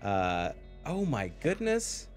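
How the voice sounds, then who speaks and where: Casting an esports match on a live stream, a man talks slowly in a medium-pitched voice with huge swings in pitch. He's chatty, laughs a lot and thanks his chat, with faint music behind him.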